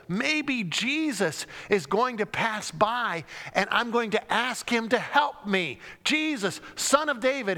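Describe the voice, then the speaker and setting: A man's voice: sits high, bright, forceful tone. A man preaching a sermon, telling the story dramatically and acting out the cries and crowd lines. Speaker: pastor. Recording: long hall reverb.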